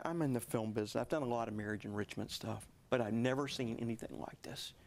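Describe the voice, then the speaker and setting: In a television interview, an author in his sixties appears as a guest and earnestly shares a personal story, his medium-pitched voice occasionally falling to a hush.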